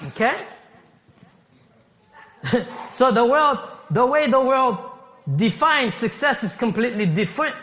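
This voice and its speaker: A man from Haiti preaching a sermon as pastor, animated, laughing often and rising to shouts. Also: very high voice. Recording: long hall reverb.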